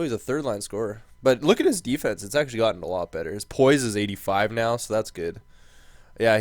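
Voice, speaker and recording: A young man giving casual commentary while playing a hockey management game, thinking aloud and quickly swinging into exasperated rants. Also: fairly low pitch, no echo. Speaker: gaming commentator.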